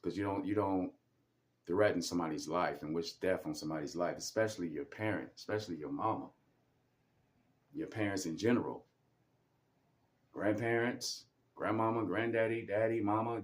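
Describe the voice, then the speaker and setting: Low-voiced man in a heated rant. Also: normal speed. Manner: heated, repetitive, profane, preaching. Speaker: vlogger. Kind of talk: angry personal rant to camera.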